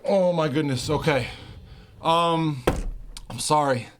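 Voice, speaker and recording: A man's voice: on the high side, slow, background noise. Laid-back swearing male streamer. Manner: laid-back, swears freely, reads and answers chat. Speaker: music producer streamer. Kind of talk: casual livestream chat.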